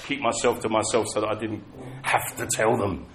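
A man's voice: on the low side, steady tone, normal speed, vocal fry, fairly bright tone. A man preaching a sermon, telling personal stories in a conversational, self-mocking way. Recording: echoey hall with faint ambience.

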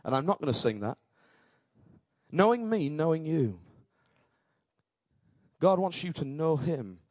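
A male pastor preaching a sermon in an emphatic style that rises to shouts. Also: on the high side, big pitch swings, unhurried, no echo.

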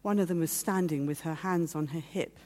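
A woman's voice: low-pitched, normal speed, mellow. A woman giving a heartfelt personal testimony as a guest speaker, telling her story and acting out the voices of others. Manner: heartfelt, at times teary. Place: meeting hall.

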